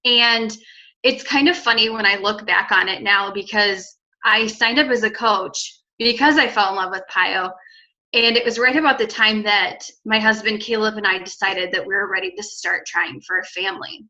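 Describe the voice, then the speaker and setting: Bright-voiced woman on a video call. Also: mid-range voice, fairly even intonation. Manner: conversational, with frequent pauses. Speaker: guest coach. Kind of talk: personal story on a team call. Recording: dull lo-fi video call audio.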